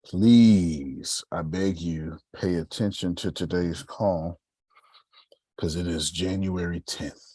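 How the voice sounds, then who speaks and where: A man's voice: sits low, fairly even intonation, takes it slowly, mellow, breathy edge, dry recording. A man from Texas hosting a motivational group call, preaching and building up to emphatic urging. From Galveston, Texas. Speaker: host.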